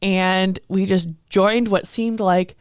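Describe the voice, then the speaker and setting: A woman's voice: mid-range voice, steady tone, slow, clean tone, no room sound, clean studio sound. A young woman co-hosting a podcast in casual, chatty talk, often laughing. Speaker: podcast co-host. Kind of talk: casual chat.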